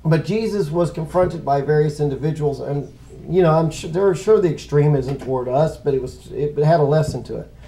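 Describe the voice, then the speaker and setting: A man's voice: a little high, normal speed, creaky, dark tone, a little hiss or hum, rough recording. A middle-aged man teaching a casual Bible lesson, rambling and conversational, often stopping to correct himself.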